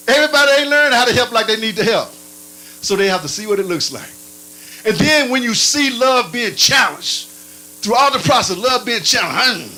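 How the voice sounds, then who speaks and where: A man preaching a sermon in a playful, animated way, his pitch swinging up and down and sometimes breaking into barking sounds. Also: poor audio.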